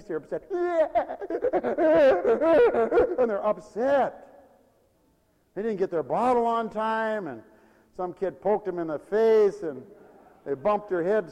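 A man preaching a sermon, animated and laughing often, swinging from loud to soft. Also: high voice, big-room sound, dull audio.

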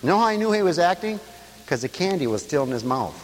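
A man preaching a sermon, telling stories in an animated way and swinging between loud passages and hushed ones. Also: high voice, quick pace, long reverb tail, low-quality recording.

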